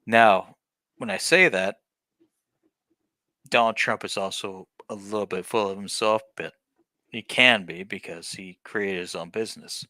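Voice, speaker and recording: A man hosting a livestream, speaking in a halting way and restarting words as he thinks aloud. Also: on the low side, steady tone, pushed and bright, no echo. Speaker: livestream host. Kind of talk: casual live chat.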